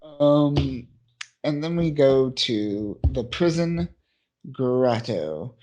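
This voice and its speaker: A man's voice: mid-range voice, darkish tone. A man co-hosting a podcast, recapping a comic in a rambling way with lots of fillers. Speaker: podcast co-host. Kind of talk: casual comic book chat.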